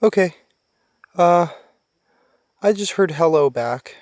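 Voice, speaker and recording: A young man vlogging while camping alone in a forest at night, jumpy and nervous, swearing and calling out into the dark. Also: high-pitched, animated, slow pace, no room sound, studio quality. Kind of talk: casual vlog commentary.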